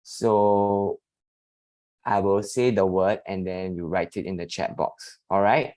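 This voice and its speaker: A man leads an online English class over a video call, speaking slowly and patiently. His voice sits fairly low, and he stretches out vowel sounds to demonstrate them. The recording is dry, with no room echo. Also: steady tone, a little mellow. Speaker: English teacher. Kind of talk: online spoken English lesson.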